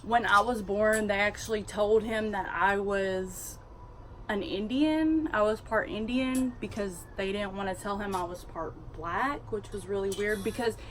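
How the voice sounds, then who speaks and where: A woman's voice: mid-range voice, a little slow, slight background noise. A woman in her twenties from Texas with a strong Southern drawl, telling a casual, candid storytime vlog full of fillers and restarts. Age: 20s. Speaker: vlogger.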